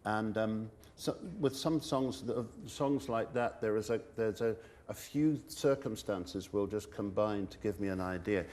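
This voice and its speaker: An older man, a musician guest speaking haltingly with many restarts in a radio studio interview. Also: on the low side, reverberant, big-room sound. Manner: halting, many restarts, soft-spoken, sings with guitar. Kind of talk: relaxed interview with sung and played song snippets.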